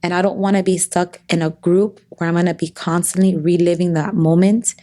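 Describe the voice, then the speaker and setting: A woman guest in an interview, talking earnestly and at times tearfully about loss and faith, with halting restarts. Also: fairly low pitch, fairly even intonation, dark tone. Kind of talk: emotional interview conversation.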